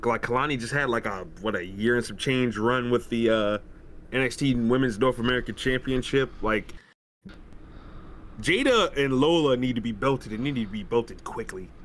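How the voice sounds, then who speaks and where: A man co-hosting a casual wrestling chat, animated, joking and slangy. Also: medium pitch, normal speed, a little hiss or hum. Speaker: podcast co-host. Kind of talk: casual banter.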